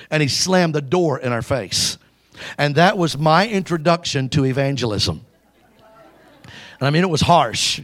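A man's voice: a little high, lively intonation, unhurried, long pauses, a bit bright. A man preaching a sermon, telling a story with emphasis and calling on the congregation to answer back. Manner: exhorting the congregation to call back.

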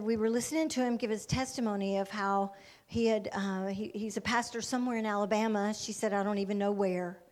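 A woman giving a missionary testimony as a sermon, telling her story with fervor and acting out the voices of the people in it. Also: mid-range voice.

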